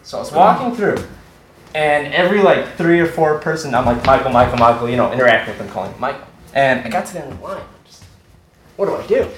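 A man's voice: fairly high pitch, lively intonation, fast, reverberant, crowd noise, low-quality recording. A young man animatedly telling a personal story on a live storytelling stage.

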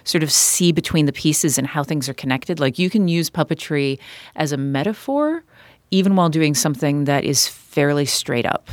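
A woman's voice: deep voice, lively intonation, moderate pace, no echo. A woman guest on a podcast, an author and puppeteer, chatting casually and telling stories with many fillers and restarts. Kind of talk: casual conversation.

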